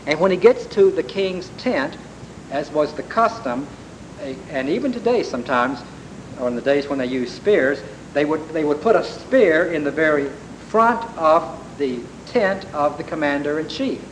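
A man's voice: fairly high pitch, animated, moderate pace, low-quality recording. A man preaching a sermon, retelling a story with emphatic rises and repeated words. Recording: faint background hiss.

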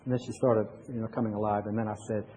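A man's voice: lowish voice, level tone, dark tone, breathy edge, low-quality recording. Older male pastor preaching conversationally. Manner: conversational preaching with pauses and restarts. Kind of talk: sermon.

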